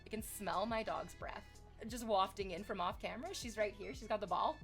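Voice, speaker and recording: A young woman chatting casually on a live stream, excitable and swearing freely. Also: mid-range voice, moderate pace, soft background music. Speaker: livestreamer.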